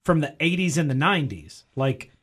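A man's voice: fairly high pitch, very animated, normal speed, slightly rough. A man co-hosting a film review podcast, chatting in a rambling, enthusiastic way. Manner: rambling and enthusiastic, with frequent fillers. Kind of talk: casual chat.

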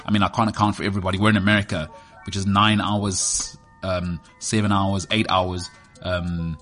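Self-mocking South African man, lowish voice. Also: little pitch movement, normal speed, a bit bright, faint music behind. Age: 30s. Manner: joking, self-mocking, drifts off topic. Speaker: sports podcast host. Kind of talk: rambling comic monologue.

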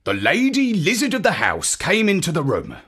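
A woman reads a children's story aloud with expressive storytelling. Her voice sits on the low side, moves at a normal speed, and sounds slightly rough.

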